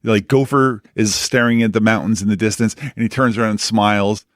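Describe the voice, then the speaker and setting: A man's voice: on the low side, fairly even intonation, brisk, dry recording, clean studio sound. A man co-hosting a podcast in casual chat, jokey and teasing, often talking over others. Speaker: podcast co-host.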